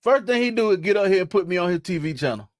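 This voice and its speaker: A man's voice: high-pitched, animated, quick pace, no echo, clean studio sound. A young man chatting casually on a live stream, laughing and teasing in slangy talk.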